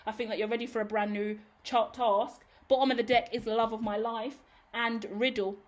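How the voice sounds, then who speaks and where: A woman's voice: a little high, fairly even intonation, moderate pace. Sassy woman giving a tarot reading. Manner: emphatic, sassy and blunt, with swearing and pep-talk asides. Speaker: tarot reader. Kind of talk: tarot reading monologue to camera.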